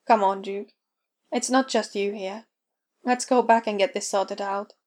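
A woman reading the lines of a calm young woman who coaxes a friend along, in a story read aloud. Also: medium pitch, a little slow, lightly acted. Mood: coaxing.

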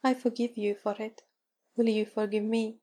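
A woman voicing a tired, wistful British officer who speaks quietly and tersely. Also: fairly high pitch, little pitch movement, moderate pace, lightly acted. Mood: weary quiet. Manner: quiet, terse, world-weary.

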